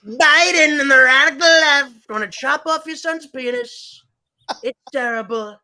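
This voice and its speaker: A man's voice: very high-pitched, measured pace, sharp tone, voice pushed up, full character voice. A man doing a comedic impression of a rambling, boastful elderly male politician who repeats himself and praises or insults people in superlatives. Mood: mocking. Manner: repetitive, superlative-heavy, rambling.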